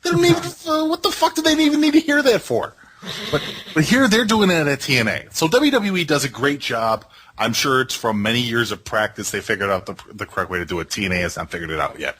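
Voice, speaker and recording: A man co-hosting a casual wrestling review, ranting in a sarcastic, animated way. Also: mid-range voice, a little fast, a little hiss or hum. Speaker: podcast co-host.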